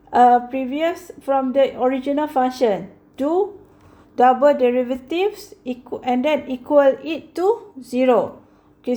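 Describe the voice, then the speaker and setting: A woman teaching a math lesson, explaining slowly and patiently. She often checks in with "okay" and corrects herself mid-sentence. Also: sits high, a little mellow.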